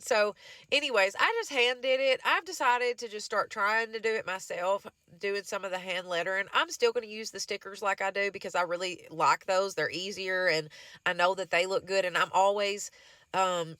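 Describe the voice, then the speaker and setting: A woman's voice: medium pitch, sharp tone, dry recording. Stuffy-nosed Southern woman chatting through a craft. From Southern United States. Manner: chatty, rambling, says y'all and honey. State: stuffy nose from hay fever. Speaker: DIY crafts vlogger. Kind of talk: casual how-to narration.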